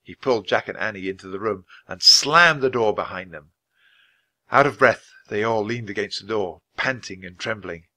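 A man reading a children's chapter book aloud at a natural, clear pace. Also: on the low side, moderate pace, pushed and bright. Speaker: storybook reader.

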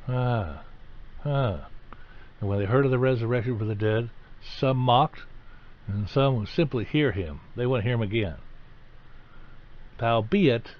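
A man's voice: medium pitch, measured pace, pauses often. A man preaching a sermon, teaching in a conversational way and rising to stress key points. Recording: slightly dull, lo-fi recording.

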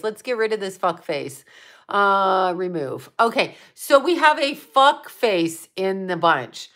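On her casual livestream, a Buffalo-area US woman rambles and swears while reading chat comments aloud and answering them. She talks slowly in a mid-range voice with lively intonation and a fairly bright tone.

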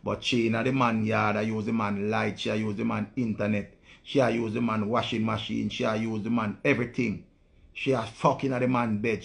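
Gravelly Jamaican man ranting bluntly. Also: fairly low pitch. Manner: blunt, profane ranting in patois. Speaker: live-stream host. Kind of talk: casual monologue to viewers.

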